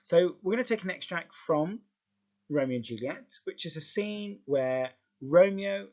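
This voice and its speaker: A male teacher explaining a lesson in a lively, stop-start way, often repeating words as he goes. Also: high voice, unhurried, highs cut off.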